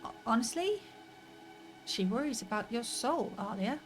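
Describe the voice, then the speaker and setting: A woman's voice: fairly high pitch, big pitch swings, moderate pace, soft background music. A woman reading the lines of an earnest older male scholar in a story game, with only a slight intonation.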